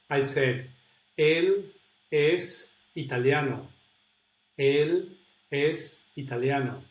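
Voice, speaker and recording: Man, online teacher, unhurried delivery, fairly high voice, patient and repetitive. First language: Spanish. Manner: patient, repeats examples slowly, answers viewer questions. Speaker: Spanish teacher. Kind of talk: online webinar lesson. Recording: echoey room.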